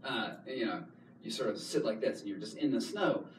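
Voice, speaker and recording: A man in his thirties telling a story in an animated talk, repeating words and laughing often as he goes. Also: mid-range voice, a little fast. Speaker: author giving a talk. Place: public hall. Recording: echoey hall, distant mic, noise.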